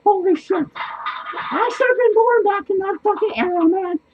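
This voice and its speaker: Casting: lonely, manic, foul-mouthed clown, squeaky and very high, in a muffled lo-fi home recording. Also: male voice, normal speed. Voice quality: squeaky, swears constantly, laughs wildly. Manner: excitable, rambling, loses his train of thought. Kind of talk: comedic character monologue. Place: small cluttered home studio indoors.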